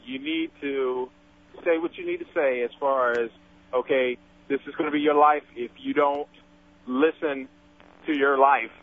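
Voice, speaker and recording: A man's voice: medium pitch, steady tone, unhurried. A male caller on a radio call-in show giving earnest, direct advice. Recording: tinny phone line.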